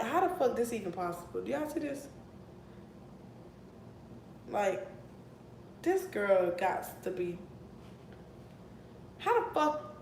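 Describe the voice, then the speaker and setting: A young woman in her twenties tells a wild storytime to her camera, getting animated and outraged and swearing freely. Her voice bounces around a roomy, echoey space with a faint hiss underneath. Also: on the high side. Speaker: vlogger. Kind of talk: casual storytime. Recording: echoey room with faint noise.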